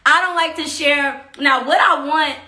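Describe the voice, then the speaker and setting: A woman from Texas, chatting casually on her own stream with rambling asides and shout-outs to viewers. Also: high-pitched, fairly even intonation, unhurried, reverberant. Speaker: singer hosting a live stream about her EP. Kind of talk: casual chat.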